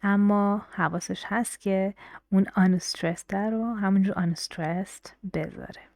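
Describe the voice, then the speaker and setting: A woman's voice: medium pitch, fairly even intonation, racing, a little mellow, no echo, studio quality. A woman teaching English pronunciation, explaining patiently step by step; her first language is Persian. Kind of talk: classroom explanation.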